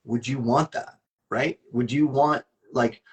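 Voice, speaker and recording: A man's voice: mid-range voice, steady tone, slow pace. Regular guy being interviewed, earnest, kinda rambly, lots of restarts. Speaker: interview guest. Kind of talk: candid conversational interview.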